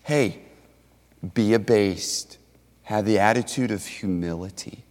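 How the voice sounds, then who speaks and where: A man in his thirties preaching a sermon, swinging from near shouts to soft, hushed pleading. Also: lowish voice, slow pace. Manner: impassioned, rising to near shouts then dropping soft and hushed. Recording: reverberant hall.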